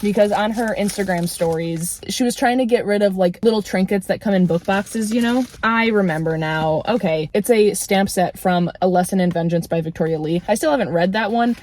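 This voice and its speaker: A woman book vlogger chatting casually in a parked car, gushing and excitable, laughing often as she talks. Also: medium pitch, brisk, hardly any pauses, a little hiss or hum. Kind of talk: casual vlog chat.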